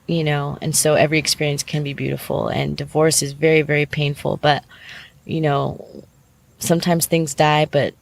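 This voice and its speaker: A woman's voice: low-pitched, flat delivery, normal speed, vocal fry. A middle-aged woman, a podcast guest, giving reflective, earnest advice in a candid interview, with many fillers.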